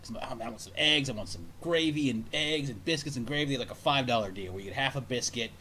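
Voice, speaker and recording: A man hosts a casual talk show, rattling off a rambling story at a quick clip and swearing freely. His pitch sits in an ordinary middle range, and a faint hum of ambience runs underneath. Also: expressive, pushed and bright. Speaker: radio show host.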